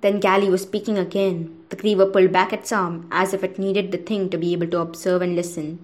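A woman narrating a novel aloud for a podcast, in a steady, measured way. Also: on the low side.

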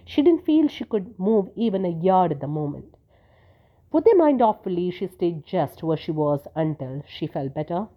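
Woman narrator, short story reading, steady telling, low voice, phone-like sound. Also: normal speed.

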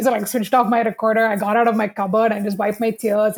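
A woman's voice: on the high side, steady tone, fast, hardly any pauses, darkish tone. A young adult woman talking candidly on a podcast, emphatic and peppered with "like". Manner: emphatic, candid, heavy use of "like". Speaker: podcast guest, podcast host and business owner.

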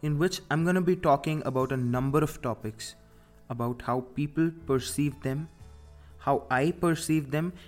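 A man's voice: medium pitch, a little mellow. A man hosting a podcast, delivering a scripted motivational monologue with emphatic, repeated rhetorical questions. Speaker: podcast host.

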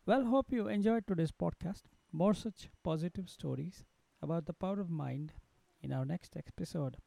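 A man hosting a podcast, telling a story in an unhurried narration with pauses and fillers. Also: on the high side, creaky, mellow, no echo, rough recording. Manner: unhurried, with frequent fillers and restarts. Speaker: podcast host.

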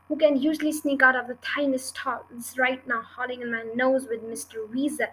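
A woman voicing an anxious adult male badger in a storybook reading, speaking in a high pleading voice. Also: level tone, moderate pace, a bit bright, a little hiss or hum, rough recording. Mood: worried.

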